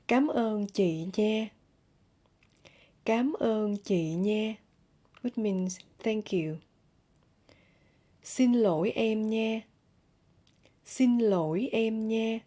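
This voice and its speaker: A woman teaching a language lesson, saying each example phrase twice, slowly and clearly, for learners. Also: medium pitch, dark tone.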